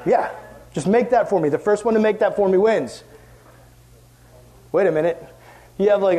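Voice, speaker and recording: Young male youth pastor, high-pitched, casual and energetic sermon. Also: a little fast, long pauses. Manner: animated, acts out quoted voices.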